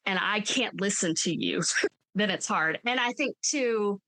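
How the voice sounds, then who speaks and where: Frank, animated female co-host for casual film chat; mid-pitched, dry sound. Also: a little slow, no room sound, low-quality recording. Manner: frank and animated, laughs often. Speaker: podcast co-host. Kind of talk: casual movie-review chat.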